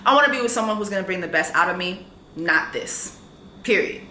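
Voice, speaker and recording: A woman's voice: mid-range voice, expressive, fairly quick, sharp tone, roomy sound, slight background noise. A woman, telling a dating story in a vlog in a blunt, sassy way and reading texts aloud.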